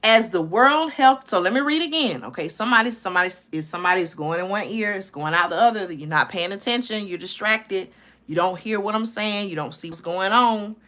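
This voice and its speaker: A stream host reads a news story aloud in a mid-range, fairly quick, sharp-toned voice, repeatedly breaking in with urgency. She says things more than once and keeps telling her audience "listen, y'all" and "okay?"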